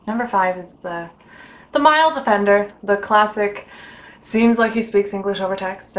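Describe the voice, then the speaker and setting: A woman's voice: medium pitch, fairly bright tone. A woman hosting a casual vlog chat, playful and laughing, with dry asides. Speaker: vlog host.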